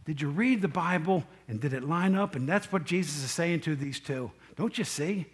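A man preaching a sermon, reading scripture aloud and questioning his congregation, his voice rising loud and dropping to quiet asides. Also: fairly high pitch, normal speed, husky. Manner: asks the congregation questions directly.

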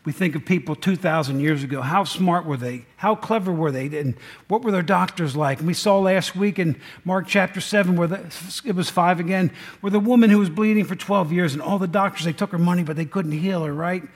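A man's voice: high-pitched, a little fast. A man, preaching a folksy sermon and asking the congregation questions. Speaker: pastor.

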